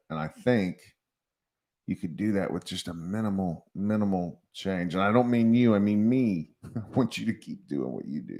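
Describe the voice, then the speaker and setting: A man's voice: low voice, gravelly, darkish tone. A man hosting a casual livestream, rambling and chatty and often laughing as he talks. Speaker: livestream host.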